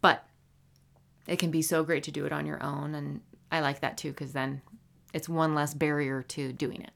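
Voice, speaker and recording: A woman hosting a solo podcast, talking casually and playfully, with animated swings and soft whispered asides. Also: deep voice, moderate pace, creaky. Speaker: podcast host.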